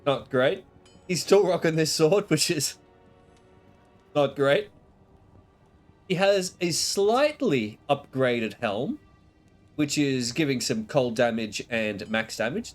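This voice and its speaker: A man giving casual gameplay commentary, chatty and a bit self-mocking, his voice stuffy from the flu. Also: on the high side. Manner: chatty, self-deprecating, lots of pauses. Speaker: gaming video creator.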